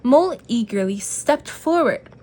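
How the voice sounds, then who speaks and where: A woman narrating a children's picture book aloud in a gentle, expressive way. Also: sits high, unhurried. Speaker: storyteller.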